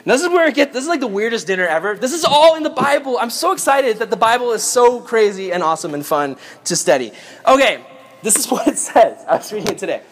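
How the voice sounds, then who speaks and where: Brief: young male Bible teacher, high voice, goofy and animated, casual comic lesson. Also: fast, a little hiss or hum. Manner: goofy, joking, animated retelling.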